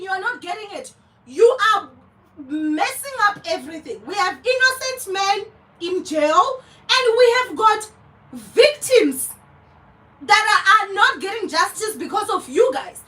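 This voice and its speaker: A woman's voice: very high-pitched, lively intonation, moderate pace, sharp tone, recorded from a distance, poor audio. A young South African woman vlogger delivering an angry commentary rant, heated and profane, repeating herself for emphasis.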